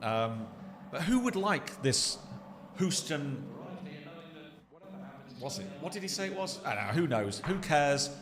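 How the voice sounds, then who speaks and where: A man's voice: on the high side, big pitch swings, measured pace, long pauses. A man co-hosting a live football stream, chatty and wisecracking. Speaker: stream co-host. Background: football match crowd on the telly.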